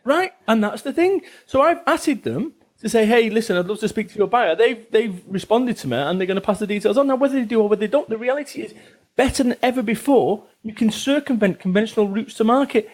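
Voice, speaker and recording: A man's voice: high voice, expressive, quick pace. Blunt, punchy Salford man. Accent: Northern English, Salford. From England. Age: 40s. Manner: blunt, swearing, motivational, repetitive emphasis. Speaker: podcast guest, business author. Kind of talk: casual interview chat.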